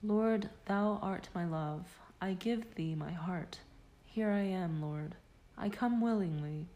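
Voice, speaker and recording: A woman reading the lines of a condemned man praying slowly and tenderly in an audiobook. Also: on the low side, warm tone, highs cut off. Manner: slow, tender prayer.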